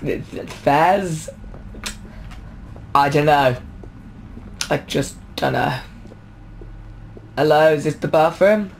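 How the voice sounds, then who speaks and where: A young man giving jumpy commentary on a horror game, with a high voice and slow pace. He yelps and argues with the characters on screen. Faint noise sits under his voice. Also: gravelly. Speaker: gaming YouTuber.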